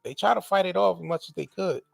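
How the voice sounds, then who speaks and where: A man hosting a podcast, talking in a casual, profane, animated way with many restarts. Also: high voice, quick pace, vocal fry, no echo, faint music behind. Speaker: podcast host. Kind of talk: casual chat.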